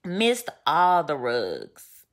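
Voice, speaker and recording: A woman chatting casually to her viewers, venting with animated storytelling and slang. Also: low-pitched, very slow. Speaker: vlogger. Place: home, getting ready.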